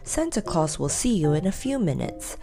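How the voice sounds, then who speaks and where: A courteous teddy bear footman speaks in a hushed, polite voice, as a woman reads him. His tone is mellow and soft, a gentle servant from a storybook. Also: lowish voice, big pitch swings, normal speed, vocal fry, soft background music.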